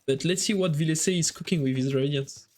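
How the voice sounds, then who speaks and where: A man's voice: fairly high pitch, darkish tone. A man with a French accent, French his first language, doing live chatty commentary on a strategy game while answering his viewers. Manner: chatty, thinks aloud, quick reactions to the match. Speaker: esports caster and streamer.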